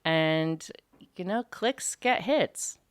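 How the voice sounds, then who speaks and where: Low, smooth-voiced chatty woman. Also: lively intonation, drawn-out words, no echo. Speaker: podcast co-host. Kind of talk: casual chat.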